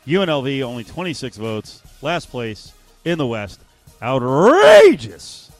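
A man co-hosting a sports radio show, chatting casually with animated asides. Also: mid-range voice, moderate pace, soft background music.

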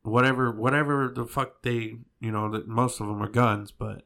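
A man's voice: medium pitch, level tone, moderate pace, sharp tone. A man co-hosting a podcast, talking in blunt, dismissive, teasing casual chat.

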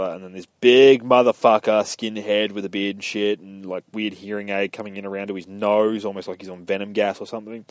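A man's voice: lowish voice, level tone, fairly quick, few pauses, no room sound. Man, young, rambling, profane, casual game recap, dry sound. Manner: rambling, profane, slips into quoted voices. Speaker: gamer recapping a story. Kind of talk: casual retelling of a game's story.

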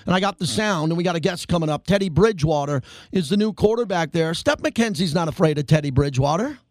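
High-voiced male sports radio host. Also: fast, no echo. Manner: conversational, energetic questioning.

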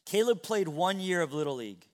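A middle-aged man preaching from the pulpit with a notably high voice. He moves earnestly between near-whispered passages and ringing, raised exclamations. The sound is of a sermon given in a church. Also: animated, brisk. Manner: earnest preaching, swings from hushed to loud. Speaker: pastor. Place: church sanctuary.

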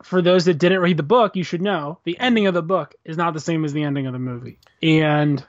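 A man's voice: a little high, fairly quick, no room sound. A man co-hosting a podcast in casual chat, explaining eagerly and chuckling as he recounts things. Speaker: podcast co-host. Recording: dry, dull lo-fi recording.

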